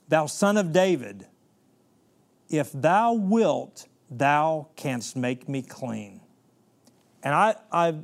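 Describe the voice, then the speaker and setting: A man preaching a sermon, reading scripture slowly and retelling the story in vivid everyday words. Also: a little high, darkish tone.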